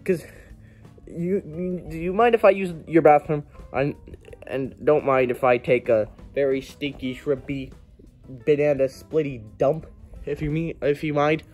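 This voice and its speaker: A man's voice: fairly high pitch, steady tone, measured pace, darkish tone, faint music behind, natural voice. A man voicing a goofy plush cowboy toy in a homemade plush skit, rambling and stumbling over his words.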